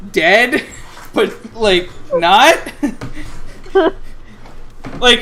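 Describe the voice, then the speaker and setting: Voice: mid-range voice, bright, forceful tone, a little hiss or hum. A game master narrating a tabletop role-playing game in a loose, profane way, with laughing asides.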